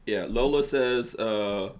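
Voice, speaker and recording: A man's voice: lowish voice, slow, darkish tone, a little hiss or hum. Middle-aged man, podcast host, casual chat, laughs often, does voices. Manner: laughs often, mimics his sons.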